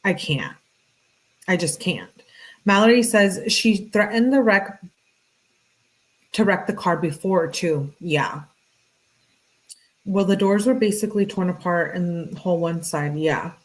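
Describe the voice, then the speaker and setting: Reading text messages aloud, this woman answers chat questions and drops casual, exasperated comments in between. She's a true crime commentator whose voice sits on the low side, moving at a measured pace with frequent pauses, and the audio is poor.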